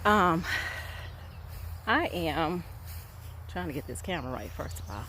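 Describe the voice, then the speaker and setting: With a deep, expressive voice that sounds pushed and bright, this woman talks unhurriedly to her handheld phone on a hillside farm, and there's a little hiss or hum. She's a homestead vlogger, enthusiastic and chatty, who keeps saying "y'all" as she addresses the camera.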